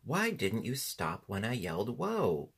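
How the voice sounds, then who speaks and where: A practical, impatient young boy, as a male reader puts him on, brisk and commanding as he gives orders. The reading voice stays low and a little husky, with lively swings of pitch, for a storybook audiobook. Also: exaggerated voice. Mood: bossy.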